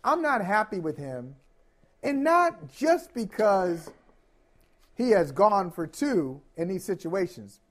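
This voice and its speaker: A man hosting sports talk, arguing his opinions in a casual, animated way with frequent restarts. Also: sits high, slow.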